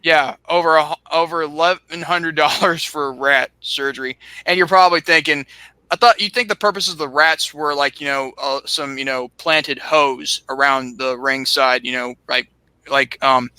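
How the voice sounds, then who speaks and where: A man's voice: fairly high pitch, bright, forceful tone, clear, resonant tone, no room sound. A young man co-hosting a podcast, telling a long story casually, full of fillers and restarts, on a laptop mic. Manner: rambling, filler-heavy, restarts often. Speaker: podcast co-host.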